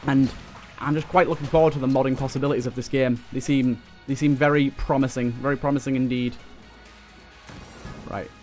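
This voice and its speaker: A young man giving excitable running commentary while playing a video game, talking back to enemies on screen. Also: medium pitch, a little fast. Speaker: let's play host. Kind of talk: gameplay commentary. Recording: faint game music behind.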